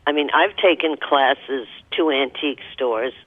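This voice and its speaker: A man's voice: medium pitch, measured pace. A man hosting an interview, asking short questions and giving brief encouraging replies. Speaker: interview host. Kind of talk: conversational interview. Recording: dry tinny phone-line audio.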